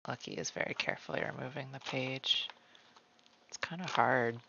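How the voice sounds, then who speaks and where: Gravelly, bright-voiced man chatting on stream. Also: mid-range voice, steady tone, moderate pace, highs cut off, a little hiss or hum. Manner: calls himself by name in the third person; rambling, many "like" fillers. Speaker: streamer drawing live. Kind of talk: casual chat while drawing. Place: at home, cat nearby.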